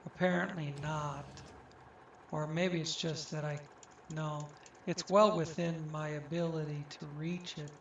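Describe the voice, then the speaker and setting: A man casually talking to himself as he plays a truck game, musing slowly and thinking aloud. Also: fairly high pitch, little pitch movement, highs cut off, slight background noise. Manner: slow, musing, talks to himself. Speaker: gaming channel host. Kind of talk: casual gameplay commentary. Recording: roomy, distant mic.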